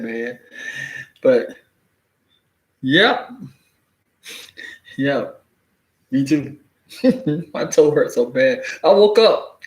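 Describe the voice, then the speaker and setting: A man's voice: medium pitch, takes it slowly, pauses often. Guy vlogging, loose slangy rambling, chuckles a lot, roomy echo on the voice. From southeastern US. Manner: slangy, rambling, laughs between phrases. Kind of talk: casual commentary to camera. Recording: echoey room.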